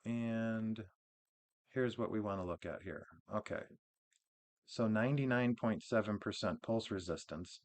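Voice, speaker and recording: A man hosting his own gaming channel, casually walking through a game build in a relaxed, rambling way, with frequent restarts and fillers. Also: lowish voice, measured pace.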